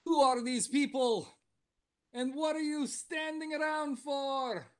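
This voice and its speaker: A woman's voice: high-pitched, takes it slowly, voice pushed up. A man voicing a huge, grumpy Russian woman guard with a clumsy put-on Russian accent. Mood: gruff.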